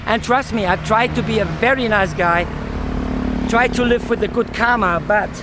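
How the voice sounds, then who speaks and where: A man's voice: sits high, moderate pace, very noisy. A male vlogger sweating in the heat while he rants outdoors, swearing and stopping to hunt for words. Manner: heated and swearing, often searching for words. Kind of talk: casual ranting monologue.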